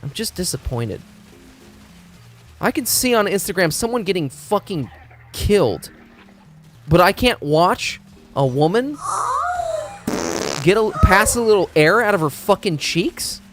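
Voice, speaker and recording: With soft music underneath, a game streamer speaks in a high, sing-song, slightly bright voice at a measured pace, leaving long pauses. His casual stream chat rambles and turns profane, with stumbled words and restarted sentences.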